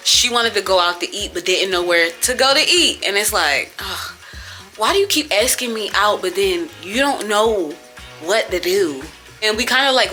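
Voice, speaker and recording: A woman's voice: mid-range voice, sharp tone. A young woman vlogger talking casually and venting, with a lot of profanity and frustration.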